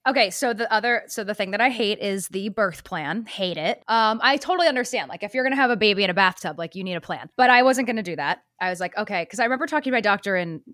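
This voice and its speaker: A woman's voice: medium pitch, lively intonation, quick pace, hardly any pauses, fairly bright tone, no room sound, studio quality. A young woman co-hosting a podcast, telling her birth story in a casual, chatty way, full of fillers and acted-out quotes. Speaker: podcast co-host. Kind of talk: casual chat.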